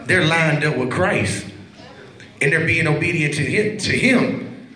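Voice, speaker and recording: A man ministering to a youth crowd, joking and laughing as he preaches and leading shouted call-and-response. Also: on the high side, a little slow. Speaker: Christian hip-hop minister. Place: large church at a youth event. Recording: echoey church hall with crowd. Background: crowd reacting.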